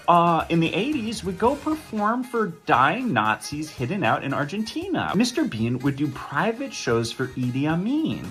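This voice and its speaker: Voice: mid-range voice, huge pitch swings, normal speed, few pauses, a bit bright, faint music behind. A comedy host delivering a satirical monologue in a sarcastic, mock-outraged, punchy way.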